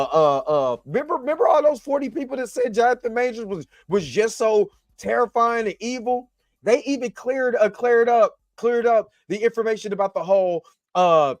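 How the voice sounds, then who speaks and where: A man with a high, light voice delivers casual stream commentary from a laptop setup, talking straight to his viewers. He is animated and loose, full of slang and asides. The sound is close and dry, with no room echo. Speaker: YouTube commentary host. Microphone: laptop recording setup.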